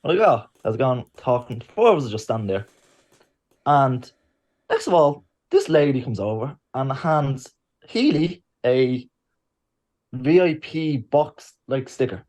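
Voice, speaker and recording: Lively man telling a story. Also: mid-range voice, measured pace. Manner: lively storyteller, acts out quotes. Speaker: podcast co-host. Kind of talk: casual storytelling.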